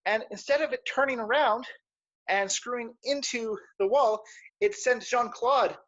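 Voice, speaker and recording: A man telling a children's story on a live stream, animated and full of sound effects. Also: very high-pitched, unhurried, no room sound. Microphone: live stream mic. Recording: dull, dry lo-fi stream audio.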